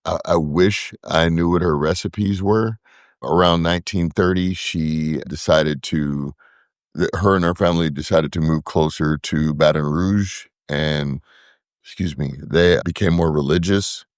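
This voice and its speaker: A man with a very deep voice talks casually as a podcast guest. He often repeats a word or two while he hunts for a name. The sound is dry and close, with no room around it. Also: unhurried, no room sound. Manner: relaxed, repeats words while searching for names. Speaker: podcast guest, brewery co-founder. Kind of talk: casual interview talk.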